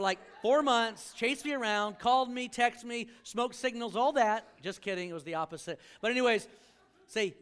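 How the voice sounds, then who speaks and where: A man's voice: high-pitched, a bit bright, smooth. A male pastor preaching a sermon to a live congregation, joking and acting out quoted voices as he talks.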